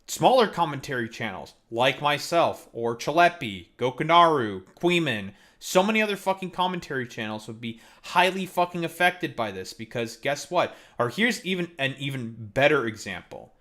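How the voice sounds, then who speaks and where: A man's voice: a little high, a bit bright. A man hosting a live stream, ranting heatedly and mockingly as he reacts to a clip, swearing constantly. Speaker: streamer host.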